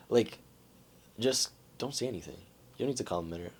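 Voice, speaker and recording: A self-help vlogger talks casually to the camera, explaining ideas about persuasion and constantly tossing in "right?" and "like." His mid-range voice is expressive and a little mellow with a breathy edge, and he talks fast.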